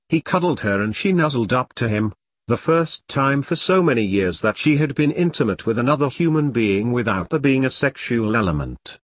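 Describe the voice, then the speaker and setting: A man narrating an audiobook in an expressive, measured way. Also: mid-range voice, dry recording.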